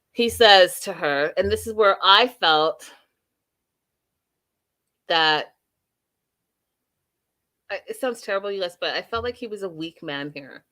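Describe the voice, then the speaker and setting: A woman's voice: mid-range voice, a little slow, pauses often. Opinionated woman recapping reality TV. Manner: animated, opinionated storytelling with quoted asides; addresses viewers directly as y'all and you guys. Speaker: host. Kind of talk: recap and review live stream.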